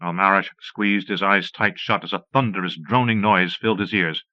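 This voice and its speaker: A man reading a horror fantasy story aloud in measured, steady narration. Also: low-pitched, no echo. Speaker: audiobook reader. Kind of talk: scripted narration. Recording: muffled dry cassette recording.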